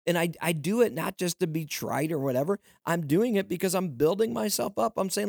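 A man's voice: sits high, expressive, brisk, vocal fry, hardly any pauses, a little mellow, no room sound. Male podcast host, motivational talk, earnest and emphatic, dry close mic. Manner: earnest, emphatic, repetitive exhortation.

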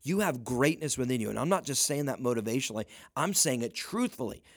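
A man's voice: medium pitch, expressive, fast, no room sound. Male motivational coach, emphatic delivery that climbs at peaks; close, dry room sound. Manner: emphatic, repeats "listen", rising to near-shouting peaks. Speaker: leadership coach. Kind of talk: motivational talk.

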